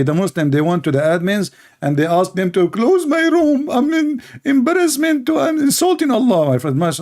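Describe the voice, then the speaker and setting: A man's voice: a little high, darkish tone. A man giving mocking, exasperated commentary, sarcastic and laughing. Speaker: religious debate commentator.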